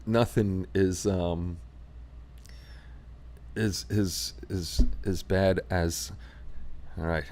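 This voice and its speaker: American man, fairly low voice, chatty, joking, laughs a lot, hobby stream host. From United States. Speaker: host of a hobby modeling livestream. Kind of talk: casual livestream chat while painting models.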